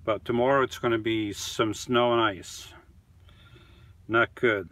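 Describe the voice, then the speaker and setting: A man's voice: mid-range voice, steady tone, a little slow, a bit bright. A man hosting a casual live stream from his camper van, reading viewer comments aloud and answering them one by one in an easygoing, chatty way that often trails off.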